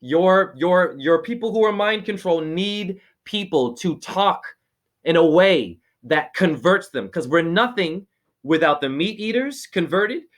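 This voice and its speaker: Preachy, rambling man, somewhat high voice. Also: lively intonation, a little slow. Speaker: spiritual teacher giving a name reading. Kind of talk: excited casual video-call chat.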